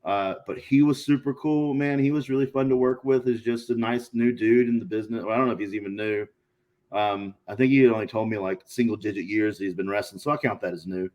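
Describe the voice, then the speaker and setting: A man, a guest on a casual podcast, telling stories in a profane, animated way and acting out quotes. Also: lowish voice, fast, highs cut off. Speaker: guest, pro wrestler.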